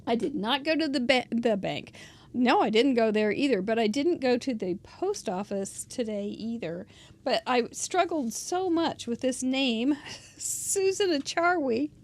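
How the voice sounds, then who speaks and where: Chatty woman showing crafts, slightly high voice. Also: lively intonation, a little slow. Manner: chatty, thinks aloud, trails off softly. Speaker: crafting channel host. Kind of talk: casual crafting show-and-tell.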